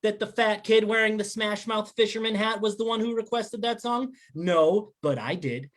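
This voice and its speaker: A man's voice: high voice, moderate pace, a bit bright. A man in his thirties from Chicago doing a rambling, self-deprecating stand-up comedy set. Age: 30s.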